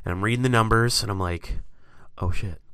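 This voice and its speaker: A chatty man who swears freely as he tells his stories, his voice sitting low and smooth. The sound is dry and close, with no room around it. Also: quick pace, dry recording. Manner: profane, animated storyteller. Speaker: podcast co-host. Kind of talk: casual chat.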